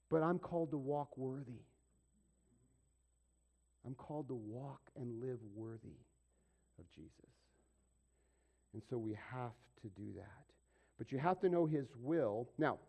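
On a muffled recording, a middle-aged pastor with a voice on the high side delivers a conversational sermon. He asks his listeners questions and acts out brief asides.

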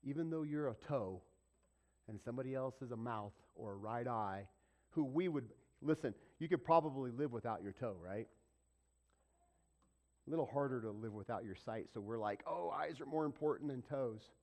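A man preaching a sermon as pastor, swinging between loud, emphatic peaks and hushed whispers. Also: medium pitch, moderate pace.

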